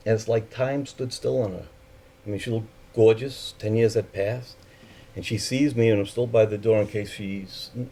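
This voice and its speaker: A man's voice: lowish voice, warm tone. A man telling a personal story in a candid, profane way, acting out the voices of the people in it.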